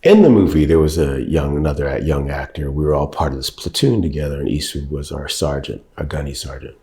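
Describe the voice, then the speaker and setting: Older guy, dark mellow voice, slow thoughtful interview stories, livens up quoting folks. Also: very deep voice, roomy sound. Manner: measured, thoughtful, animated when quoting. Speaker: actor and director, guest. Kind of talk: reflective interview storytelling.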